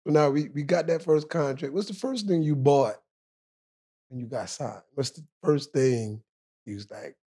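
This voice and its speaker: A man hosting a casual interview, playful and teasing, quick to laugh. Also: fairly high pitch, dark tone, breathy edge. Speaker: interview host.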